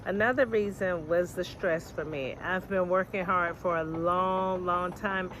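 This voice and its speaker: An older woman from the United States speaking in a relaxed, matter-of-fact way about her own life. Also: fairly low pitch, measured pace. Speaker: interviewee. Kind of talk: casual testimony. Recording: audible background noise.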